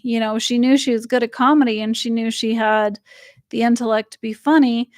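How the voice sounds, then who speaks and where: Streamer host: young woman, higher pitch, rambling casual chat, dry close recording. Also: no echo. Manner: rambling, frequent fillers and laughs, reads viewer comments aloud. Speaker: livestream host reading chat.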